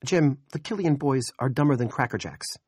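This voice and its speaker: A man voicing a frazzled middle-aged male police chief who talks out of breath, rapid and worried. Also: mid-range voice, lively intonation, darkish tone, breathy edge, no echo, studio quality, voice pushed up. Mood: harried.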